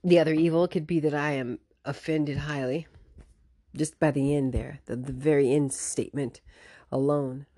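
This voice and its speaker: A woman's voice: low-pitched, moderate pace, dry recording, clean studio sound. A woman hosting a casual commentary vlog, talking emphatically and restarting her sentences often. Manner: emphatic, animated, with many restarts. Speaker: host.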